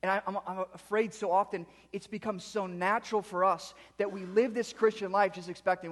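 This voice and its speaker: Male pastor, high voice, quiet reflection rising to loud, emphatic preaching, long hall reverb. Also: fairly even intonation, a little fast, hardly any pauses. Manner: interacts with the congregation. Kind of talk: sermon.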